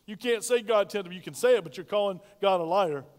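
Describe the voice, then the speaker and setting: A man's voice: high voice, quick pace, long reverb tail. A male pastor preaching a sermon, calling on the congregation to repeat lines after him. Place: church sanctuary.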